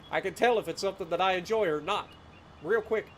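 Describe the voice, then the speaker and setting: A man's voice: high voice, normal speed, slight background noise. A man in his late thirties with a rural southeastern Ohio accent, chatting casually and telling rambling stories on a gameplay livestream, with frequent chuckles. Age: late 30s. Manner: rambling storyteller, chuckles often, greets chat.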